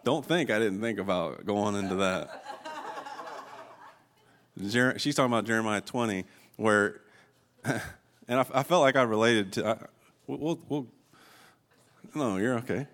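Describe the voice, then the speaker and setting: A man's voice: lowish voice, measured pace, pauses often, fairly bright tone. A man in his forties preaching a sermon, earnest and emotional, often breaking into laughter and restarting his sentences. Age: 40s.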